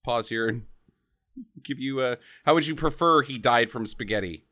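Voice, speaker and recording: A man's voice: mid-range voice, moderate pace. A man hosting a podcast, giving a casual, comedic movie recap with swearing and acted-out lines. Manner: animated, swears, acts out characters' lines. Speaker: podcast host.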